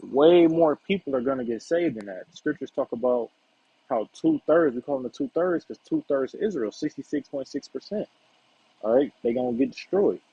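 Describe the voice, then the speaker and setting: A man's voice: mid-range voice, lively intonation, normal speed, dark tone, slightly rough, dry recording. A man giving a casual Bible lesson in a conversational way, often checking in with "right?" and "all right". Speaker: Bible teacher. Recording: dull lo-fi recording.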